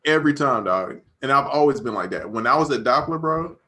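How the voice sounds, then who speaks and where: A young man, a music producer, co-hosting a podcast and talking casually in relaxed slang, often saying "dog" and "bro.". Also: mid-range voice, brisk. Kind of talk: casual chat.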